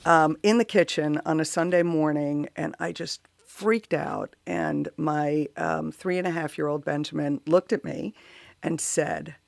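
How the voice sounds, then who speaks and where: A woman's voice: sits low, steady tone, unhurried, creaky, no echo. A woman who is a mother and runs workshops for moms, a guest on a talk show telling her story with animation. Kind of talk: casual interview chat.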